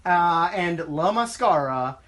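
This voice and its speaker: Blunt, deadpan podcast co-host, a man. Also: high-pitched, slow. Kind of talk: casual podcast chat.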